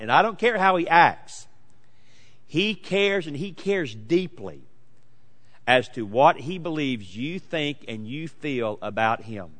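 A man in his late forties preaching a sermon, emphatic and swinging between loud declarations and hushed asides. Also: medium pitch, long reverb tail. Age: 40s. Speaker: pastor.

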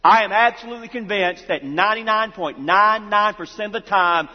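A man's voice: high-pitched, normal speed, hardly any pauses. A male pastor preaching a sermon emphatically, repeating key lines for effect. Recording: reverberant hall, dull lo-fi sound.

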